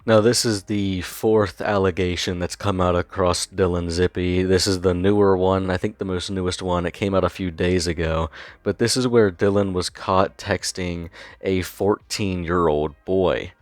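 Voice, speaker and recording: Young male commentator, very low voice, dry close sound, mocking and disbelieving, swears a lot. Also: fairly even intonation, normal speed, no room sound, faint music behind. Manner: incredulous, sarcastic, swears freely. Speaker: online commentator. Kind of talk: commentary narration.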